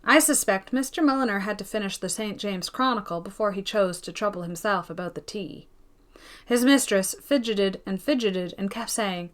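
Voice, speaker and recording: A woman's voice: medium pitch, moderate pace, fairly bright tone. Woman narrating a classic novel. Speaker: narrator of an audiobook. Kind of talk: scripted audiobook narration.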